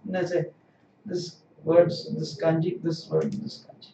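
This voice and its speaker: A man's voice: on the high side, little pitch movement, unhurried, warm tone, slight background noise. A man teaching a live-streamed language lesson, explaining patiently and repeating phrases. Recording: roomy, distant, dull sound.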